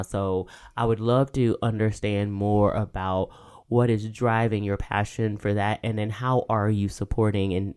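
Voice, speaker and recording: Woman, Southern US accent, podcast host, animated, sassy, affirming. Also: very deep voice, smooth. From Southern United States. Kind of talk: casual interview conversation.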